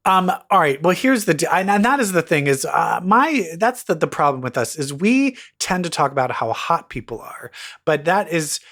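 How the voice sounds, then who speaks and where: A man's voice: on the high side, big pitch swings, moderate pace, fairly bright tone. A man in his forties co-hosting a podcast, chatting casually with rambling, crude jokes that trail off into laughter. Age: 40s. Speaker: podcast co-host. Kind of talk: casual chat.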